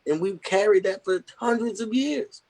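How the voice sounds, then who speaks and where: A man's voice: high-pitched, normal speed, a little mellow. A man speaking candidly and earnestly in casual conversation, rambling with restarts and slang. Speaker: podcast guest.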